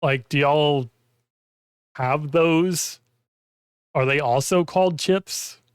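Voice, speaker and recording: Man, casual gaming stream chat, rambling, full of "like", voice going hoarse, dry close sound. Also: on the high side, slow, dry recording. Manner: rambling, heavy use of "like". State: losing his voice.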